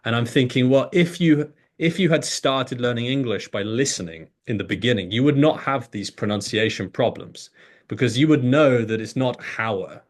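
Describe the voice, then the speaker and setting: A man's voice: mid-range voice, moderate pace. A man, an English teacher, explaining in conversation and acting out pronunciation examples as he goes. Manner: animated, demonstrates pronunciation examples.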